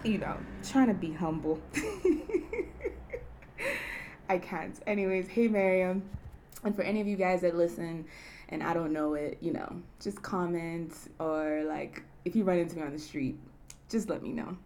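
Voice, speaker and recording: A woman's voice: fairly low pitch, moderate pace, dark tone. Young woman from kenya doing her solo podcast, chatty and giggly, lots of you-know's, faint hiss behind. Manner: chatty, laughs often, lots of fillers like "you know". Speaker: podcast host. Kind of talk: casual solo podcast chat.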